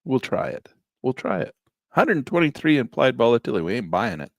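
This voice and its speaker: A man's voice: medium pitch, very animated, brisk, creaky, no echo, clean studio sound. A middle-aged man, a trading instructor, casually thinking aloud through trades on a live screen-share.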